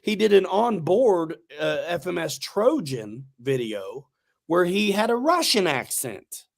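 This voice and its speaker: A man's voice: high voice, very animated, a little slow, vocal fry. A man hosting a casual livestream chat, talking in a laid-back, slangy, rambling way with restarts. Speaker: host.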